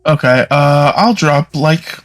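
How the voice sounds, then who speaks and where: A man's voice: a little high, takes it slowly, fairly bright tone, soft background music. Hesitant man describing his character. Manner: hesitant, searching for words. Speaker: player. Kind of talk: casual chat at the game table.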